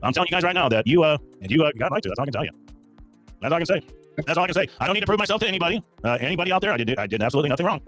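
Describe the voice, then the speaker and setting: A man's voice: a little high, sing-song, racing, fairly bright tone, faint music behind. A man hosting a livestream, defending himself over and over in a heated call-in argument. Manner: defensive, repetitive, insistent. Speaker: livestream host.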